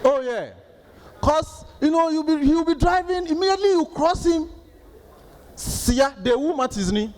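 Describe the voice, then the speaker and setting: A man in his thirties with a Ghanaian accent doing stand-up comedy, telling stories in an animated way and acting out the outbursts of others. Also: extremely high pitch, measured pace, a little hiss or hum.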